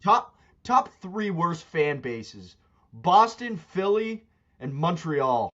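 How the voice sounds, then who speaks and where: Dude ranting on a sports podcast, kinda high voice, muffled lo-fi sound. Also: male voice, sing-song, slow pace. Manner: loud, mocking rants with big pitch jumps. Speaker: podcast co-host. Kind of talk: casual sports chat. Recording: dull lo-fi sound.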